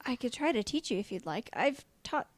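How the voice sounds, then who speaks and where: A woman's voice: on the high side, big pitch swings, brisk, no echo. A woman voicing her character in a tabletop game, polite and eager with stammered restarts. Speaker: player. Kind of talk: tabletop role-play.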